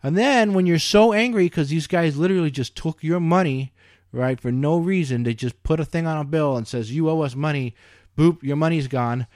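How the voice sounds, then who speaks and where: A man's voice: fairly high pitch, moderate pace, no echo, clean studio sound. A man in casual chat, telling stories animatedly and swearing freely. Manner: animated storyteller, acts out quoted voices, swears freely.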